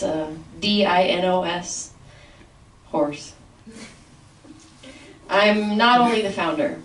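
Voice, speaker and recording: A woman comedian rehearsing a stand-up set in a class, talking haltingly with many fillers and restarts, and laughing at her own jokes. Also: lowish voice. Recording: echoey room, voice from a distance.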